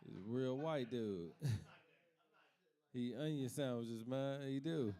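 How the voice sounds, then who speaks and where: A Kentucky man does stand-up in a mellow, medium-pitched voice at a slow pace. He tells relaxed family stories and laughs at his own jokes.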